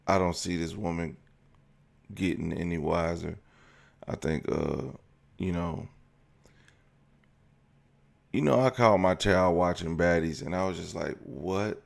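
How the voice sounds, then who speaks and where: A man, a father, giving relaxed reaction commentary, talking slowly with frequent ums and uhs. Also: deep voice, gravelly. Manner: laid-back, fatherly, hesitant with fillers. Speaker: reaction channel host.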